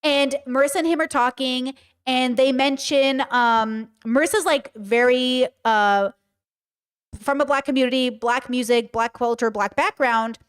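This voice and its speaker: A woman livestreaming, telling stories and giving commentary in an emphatic, animated and blunt way, with frequent swearing. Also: high voice, measured pace, clean tone. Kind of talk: casual livestream storytelling and commentary.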